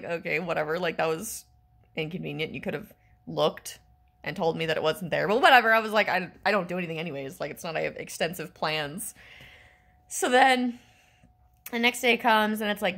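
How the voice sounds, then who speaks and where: A woman in her twenties telling an exasperated, animated story as a casual vlog rant, full of fillers. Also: mid-range voice. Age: 20s. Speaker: vlogger.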